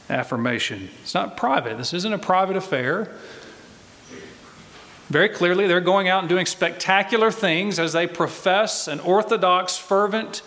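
Male preacher, sermon, slow measured delivery, emphatic repetition, long hall reverb. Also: a little high, fairly bright tone.

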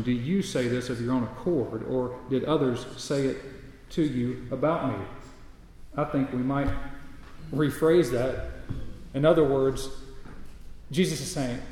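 A man's voice: mid-range voice, a little mellow, heavy reverb, long reverb tail, low-quality recording. A man preaching a sermon, reading scripture aloud and building his points through repeated emphatic phrases. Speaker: pastor.

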